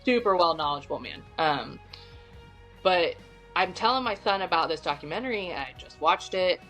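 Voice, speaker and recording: A middle-aged woman with a Midwestern American accent, a podcast guest telling a story in an animated, chatty way. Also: fairly low pitch, normal speed, soft background music. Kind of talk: casual storytelling.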